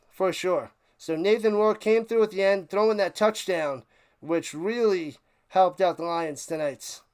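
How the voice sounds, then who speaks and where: Excited high-voiced man streamer. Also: clear, resonant tone. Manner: excited, rambling, repeats himself. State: out of breath. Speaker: live stream host. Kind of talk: casual sign-off chat to live stream viewers.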